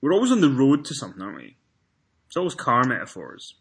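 A man's voice: medium pitch, huge pitch swings, fast, creaky, a bit bright. A man with a Scottish accent hosting a casual wrestling podcast, telling stories in a chatty way and acting out what people said. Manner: chatty storyteller, swears freely, acts out quotes. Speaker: podcast host.

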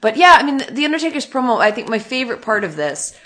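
A woman, co-hosting a casual podcast chat, animated and sarcastic, often acting out what people said. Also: fairly high pitch. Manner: animated, sarcastic, quick to act out quotes. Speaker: podcast co-host. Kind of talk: casual chat recapping wrestling.

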